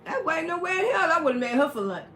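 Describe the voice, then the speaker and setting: A woman hosting a livestream and telling a story in an emphatic, profane, animated way. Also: extremely high pitch, fast, reverberant, a little hiss or hum. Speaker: livestream host. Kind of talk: casual storytelling to a live audience.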